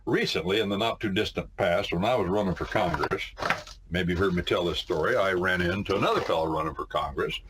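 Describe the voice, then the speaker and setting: A man's voice: deep voice, fairly quick, noisy background. A man teaching civics in an informal lecture, emphatic and folksy, often saying "my friends" and repeating "no, no, no" for stress. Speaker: lawyer teaching a civics catechism.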